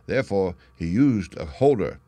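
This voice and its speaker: A man reading a classic story aloud as an audiobook narrator, in a steady, clear way. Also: low voice, moderate pace, no room sound. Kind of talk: scripted narration.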